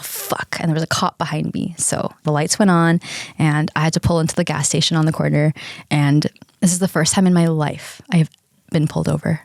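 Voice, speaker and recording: A woman's voice: sits low, creaky, a little mellow, dry recording, clean studio sound. A young woman hosting a podcast, casually telling a personal story, candid, swearing freely and laughing often. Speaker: podcast host.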